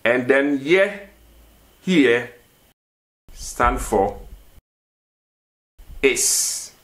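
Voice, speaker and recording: A man's voice: medium pitch, expressive, fairly bright tone. A man teaching a vocabulary lesson, repeating each word and asking questions for the learner to answer. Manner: slow, repeats words and asks questions. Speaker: language teacher.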